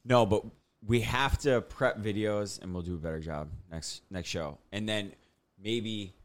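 A man's voice: on the low side, a little slow. A man co-hosting a casual podcast, joking along with his friends. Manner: laughing, joking. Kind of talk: casual chat.

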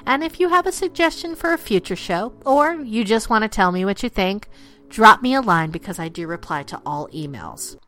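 A woman narrates her podcast segment in a lively, sing-song way, her pitch rising and falling freely. She sits at a middling pitch and addresses her audience with fond warmth as she wraps up the show. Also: moderate pace, soft background music. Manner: lively, affectionate sign-off. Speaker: podcast host. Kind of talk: scripted narration.

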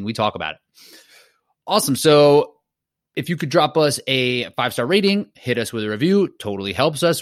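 A man's voice: mid-range voice, a bit bright, no room sound, studio quality. A man hosting a running podcast, talking in a loose, chatty way and laughing easily. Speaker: podcast host. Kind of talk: casual podcast chat.

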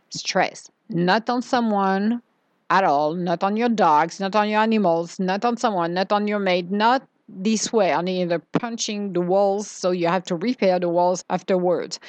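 A woman coaching listeners through a motivational spiritual talk in a calm, unhurried voice that stretches out its phrases. Her voice sits at an ordinary middle pitch. The sound is close and dry, with no room echo. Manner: slow, soothing, drawn-out phrasing.

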